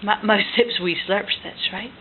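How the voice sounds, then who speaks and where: A woman at home retelling a picture book with a toddler, gentle and coaxing, often dropping to a hush. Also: mid-range voice, steady tone, normal speed. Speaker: parent reading to a toddler. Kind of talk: bedtime story retelling. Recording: tinny lo-fi home recording, faint hiss.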